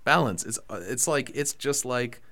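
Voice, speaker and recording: A young man hosting a casual podcast chat, rambling with many fillers and getting excitable about food. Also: mid-range voice, moderate pace. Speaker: podcast host.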